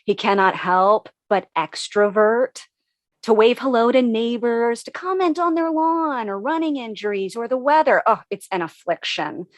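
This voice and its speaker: A woman, an actor, reading a comic first-person story with a wry, expressive delivery. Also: a little high, normal speed, no room sound.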